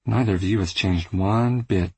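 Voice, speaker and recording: A man's voice: low-pitched, moderate pace, mellow, breathy edge, no room sound. A man voicing an exasperated adult woman in an audiobook, subdued and sarcastic. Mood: weary. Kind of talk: audiobook character voice.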